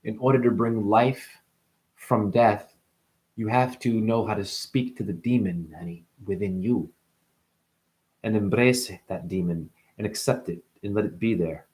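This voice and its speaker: Unhurried and low-pitched, a man plays a self-proclaimed spiritual guru addressing the camera directly. He boasts and rambles, bouncing from loud exclamations to muttered asides.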